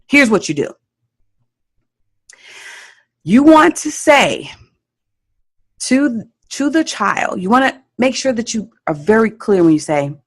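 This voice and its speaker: A woman's voice: fairly high pitch, sing-song, measured pace, breathy edge. A woman hosting a parenting podcast, giving emphatic coaching advice and checking in with "okay?" often. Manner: emphatic, repeats key points with frequent "okay?" check-ins.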